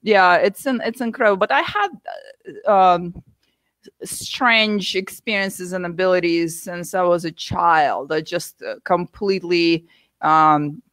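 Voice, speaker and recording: Woman guest from the us chatting openly about her path, lively storyteller, dry mic. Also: on the low side, unhurried, dry recording. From United States. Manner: candid, animated storytelling with laughs. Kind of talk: interview conversation.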